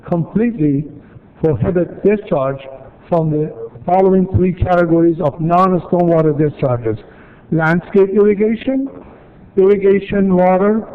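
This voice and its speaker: A man from city staff presenting at a council meeting, explaining rules step by step with repeated points and dry asides. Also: sits high. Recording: tinny, phone-like archive audio.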